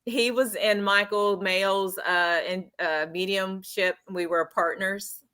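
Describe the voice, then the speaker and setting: A woman's voice: mid-range voice, steady tone, takes it slowly, bright, forceful tone, clear, resonant tone. A woman co-hosting a casual livestream, playful and giggly. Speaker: livestream co-host.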